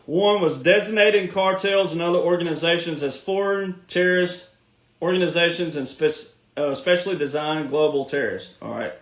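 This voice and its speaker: A man's voice: on the high side, normal speed, a bit bright, reverberant. A man hosting a podcast, ranting casually in an emphatic, sarcastic, lecturing way. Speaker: podcast host.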